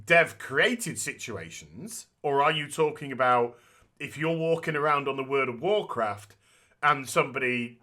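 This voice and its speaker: A man's voice: medium pitch, unhurried, bright, forceful tone. A man co-hosting a casual podcast, talking bluntly with lots of swearing and restarts. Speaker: podcast co-host.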